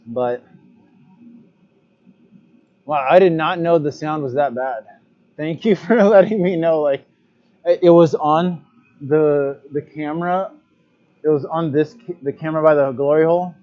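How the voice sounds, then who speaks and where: A glassblower chats casually on his own live stream, thinking out loud as he tweaks his stream settings. His voice is a little high, and the recording sounds muffled.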